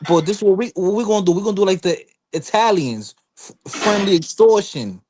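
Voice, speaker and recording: A man's voice: high voice, lively intonation, a little fast, background noise. A man on a casual podcast panel, rambling through long explanations and slipping into quoted voices. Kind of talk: casual chat.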